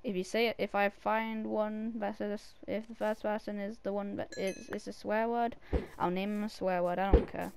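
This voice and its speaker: A male gaming creator giving casual gameplay commentary from a desk mic, chatty, with sudden excited shouts at an in-game cat. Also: high-pitched, moderate pace, gravelly, few pauses, clean tone.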